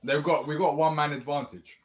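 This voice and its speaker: A man chatting casually as a watch-along co-host, joking around and getting excited at chances. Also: on the high side, a little fast. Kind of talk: casual fan chat.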